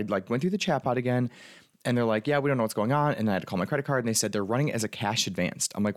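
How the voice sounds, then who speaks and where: A man's voice: mid-range voice, dry recording, clean studio sound. A man, a life coach, telling a personal story in a casual, chatty way, full of fillers and retold inner thoughts. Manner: fast, chatty, filler-heavy, animated retelling.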